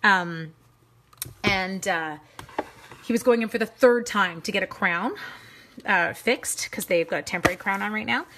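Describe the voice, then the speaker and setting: With a noisy background behind her, a middle-aged woman chats casually on her home card-making livestream, greeting viewers by name as she works. Her voice is medium-pitched, at a normal speed, and she pauses often.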